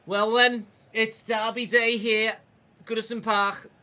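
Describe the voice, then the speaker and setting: A man's voice: high voice, level tone, slow pace, bright, forceful tone, pitched above the performer's own voice, full character voice. A man doing a put-on Scouse accent as a football commentator announcing the lineups. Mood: upbeat. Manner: announcing lineups like a match-day presenter. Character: upbeat Liverpool-accented male football commentator.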